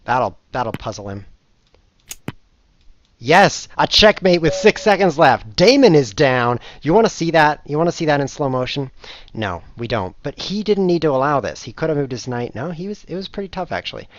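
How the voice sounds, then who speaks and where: A man hosting his show, commentating live on his own online blitz chess games in a jokey, self-mocking way with sudden excited outbursts. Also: on the high side, normal speed, dry recording, highs cut off. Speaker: chess streamer and show host.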